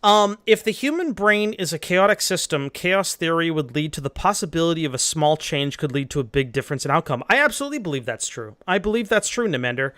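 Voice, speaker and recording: Brief: young man, livestream host, loose profane rambling, slightly high voice. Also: animated, fast, few pauses, dry recording. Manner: rambling, profane, loud reactions. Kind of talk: casual live stream chat.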